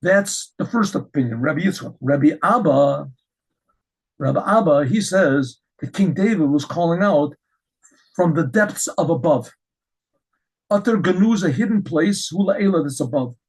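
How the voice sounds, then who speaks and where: Husky-voiced rabbi teaching a Torah lesson. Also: male voice, on the high side, moderate pace, rough recording. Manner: animated storytelling with frequent restarts.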